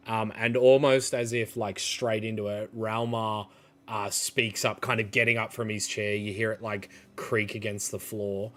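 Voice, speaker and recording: A man runs a tabletop game, narrating at an unhurried pace with frequent fillers. His voice sits a bit low yet sounds bright and forward. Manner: relaxed, hesitant, many fillers. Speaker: game master.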